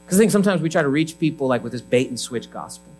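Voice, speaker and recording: A man's voice: fairly high pitch, rapid-fire, slight background noise, rough recording. A male pastor giving a conversational sermon, telling a story and acting out the people in it. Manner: conversational, animated, acts out dialogue.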